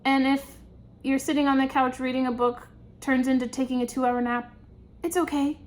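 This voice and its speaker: A woman's voice: high-pitched, flat delivery, normal speed. A young woman giving a casual tarot reading, chatty and reassuring, laughing often. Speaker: tarot reader.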